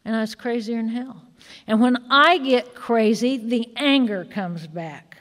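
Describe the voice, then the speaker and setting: A woman's voice: fairly high pitch, a little slow, fairly bright tone. A middle-aged woman telling her recovery story in an earnest, personal testimony with fillers and agitated stretches. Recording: reverberant hall.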